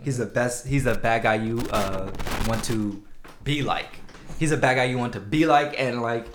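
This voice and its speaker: A man co-hosting a casual podcast chat, telling stories with excited bursts. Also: mid-range voice, normal speed, background noise. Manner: animated storyteller, jumps into excited bursts. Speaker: podcast co-host.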